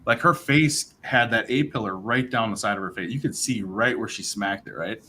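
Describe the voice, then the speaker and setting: Guy on a livestream rambling through a story, bright forceful voice, lots of right and bro, desk mic. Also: on the low side, normal speed, a little hiss or hum. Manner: rambling, animated, acts out dialogue with fillers like right and bro. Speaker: livestream host telling his sobriety story. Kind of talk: casual personal storytelling.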